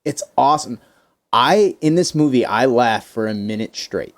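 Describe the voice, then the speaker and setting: A man co-hosting a podcast, rambling and swearing casually as he retells favorite movie scenes in animated bursts. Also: mid-range voice, moderate pace. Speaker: podcast co-host.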